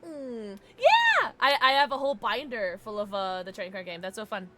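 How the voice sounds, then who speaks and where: A young woman chats her way through a game on stream. Her voice is bright and clear, full of giggles. She rambles to her viewers and tries on silly accents for fun. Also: fairly high pitch, sing-song, normal speed, slight background noise. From Southern US. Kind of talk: live gameplay commentary.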